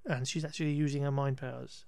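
A man's voice: medium pitch, flat delivery, fast, gravelly, darkish tone, no room sound. A man co-hosting a podcast, chatting casually through a film recap with frequent restarts and laughter. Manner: rambling, self-correcting, laughs often. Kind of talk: casual chat.

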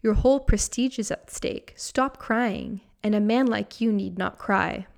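A woman's voice: medium pitch, a little slow, gravelly, darkish tone. A woman voicing a worried male friend who insistently warns a master to stop crying. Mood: admonishing.

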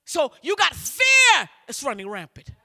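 A middle-aged male preacher delivers a sermon in church with a very high, piercing voice that carries a sharp, forceful edge and huge pitch swings. Unhurried yet fervent, he shouts, urges the congregation to answer back, and doubles back on words in a rhythmic cadence.

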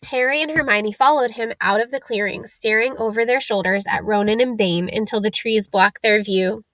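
Female storybook narrator, raised pitch, dry studio read. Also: moderate pace, fairly bright tone, no echo. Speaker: audiobook narrator.

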